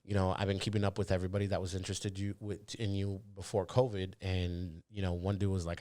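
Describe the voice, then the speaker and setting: A man with a low voice, recorded close and dry, talking freely as a podcast guest. He is vulgar and animated and slips into voices whenever a story calls for it. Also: a little fast, dry recording. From Miami area, Dominican parents. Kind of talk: casual podcast chat.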